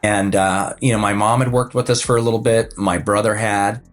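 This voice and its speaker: A man in his fifties, a financial advisor and coach, talks about his work as a podcast guest in a relaxed, anecdotal way, with frequent fillers and restarts. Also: fairly low pitch, moderate pace, faint music behind. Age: 50s. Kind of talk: casual conversational storytelling.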